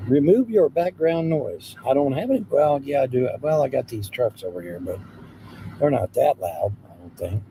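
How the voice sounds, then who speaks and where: A man with a Southwest Ohio accent chats loosely to his livestream audience, greeting viewers and circling back over the same points. His voice is very dark and mellow but swings widely in pitch. Faint idling engines hum behind him outdoors. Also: animated, moderate pace, rough recording. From Hamilton, Ohio, USA. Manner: drawling, rambling, greets chat, repeats himself. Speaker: livestream host. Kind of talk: casual livestream chat. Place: outdoors beside idling trucks.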